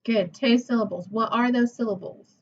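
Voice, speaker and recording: A woman teacher leading a phonics lesson for young children. She talks slowly and patiently, sounding out words and praising each answer. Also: on the high side. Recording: dull lo-fi recording.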